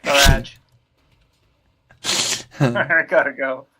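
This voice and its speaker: A man's voice: fairly high pitch, very animated, moderate pace, very noisy. A man chatting casually on a video call, teasing and joking. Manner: teasing, jokey.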